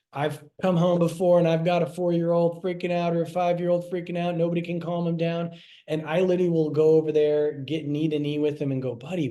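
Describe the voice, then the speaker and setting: Mellow-voiced man teaching casually. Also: a little high. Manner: conversational, repeats himself, acts out quoted lines. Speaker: health class presenter.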